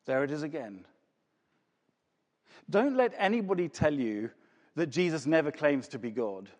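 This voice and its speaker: A man preaches in a large church hall, his voice high and sweeping up and down as he stresses words. He asks rhetorical questions and repeats key phrases, and a long hall reverb trails each line. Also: expressive, moderate pace, darkish tone. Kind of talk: sermon.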